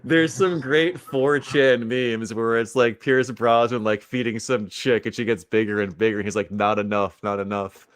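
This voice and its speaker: A man's voice: mid-range voice, normal speed, hardly any pauses, no echo. A man hosting a casual livestream chat, laid-back and teasing with crude banter. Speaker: host.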